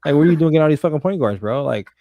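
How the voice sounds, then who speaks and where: A man's voice: on the high side, animated, racing, warm tone, dry recording. A young man co-hosting a sports podcast, talking emphatically and profanely in casual chat. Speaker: podcast co-host.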